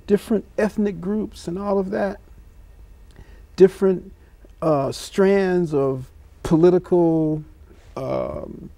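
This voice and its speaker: A man speaking as a scholar guest on a talk show, slow and measured, telling stories as he reflects. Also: high voice, creaky, mellow, dry recording.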